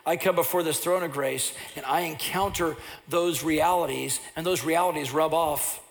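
A pastor preaching a sermon, telling personal stories, and at times rising into loud impassioned preaching. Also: male voice, fairly high pitch, fairly even intonation, moderate pace, vocal fry.

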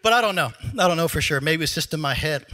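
A middle-aged pastor preaching a sermon on a handheld mic in church, animated and joking, with a troubled throat he clears often. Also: fairly high pitch, quick pace. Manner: animated, joking, laughs at his own asides.

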